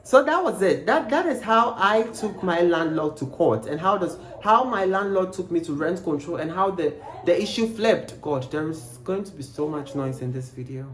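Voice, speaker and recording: A young man tells a storytime vlog. He is emphatic and animated, and he keeps firing rhetorical questions. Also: high voice, normal speed, few pauses. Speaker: vlogger. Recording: roomy echo, faint background noise.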